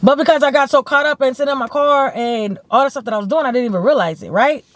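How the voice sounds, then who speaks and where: A woman from California telling a story to her camera in a blunt, animated way, swearing freely and saying "like" often. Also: high-pitched, fast talker, no echo. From San Bernardino, California. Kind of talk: casual storytime. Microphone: camera mic.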